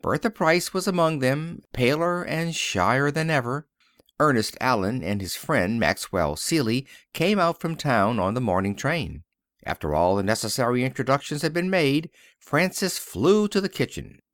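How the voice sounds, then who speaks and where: A male audiobook narrator reading an old-fashioned story. His delivery is expressive, his pitch rising and falling freely at a middle height. The recording is dry and close. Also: measured pace, no echo. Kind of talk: scripted narration.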